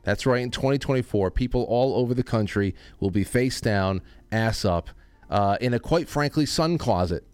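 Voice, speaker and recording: A man's voice: mid-range voice, expressive, normal speed, darkish tone, clear, resonant tone, dry recording, faint music behind. A man hosting a casual talk show, rambling and joking with frequent restarts. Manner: rambling, restarts often, jokey. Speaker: host. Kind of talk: casual chat.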